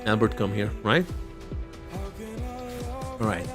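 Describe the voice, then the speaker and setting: A man's voice: fairly low pitch, slow, music in the background. A man giving chatty, opinionated live commentary while racing in a mobile game. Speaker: livestreamer.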